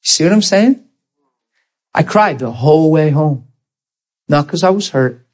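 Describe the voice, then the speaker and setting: Husky-voiced man preaching a story. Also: fairly high pitch, measured pace, poor audio. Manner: earnest, animated retelling with quoted dialogue. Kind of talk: storytelling sermon.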